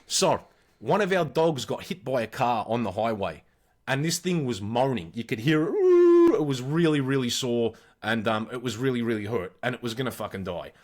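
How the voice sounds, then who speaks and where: A man in his forties with an Australian accent, a podcast co-host telling wild childhood stories in a blunt, profane, animated way. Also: mid-range voice, moderate pace. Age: 40s. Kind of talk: casual storytelling.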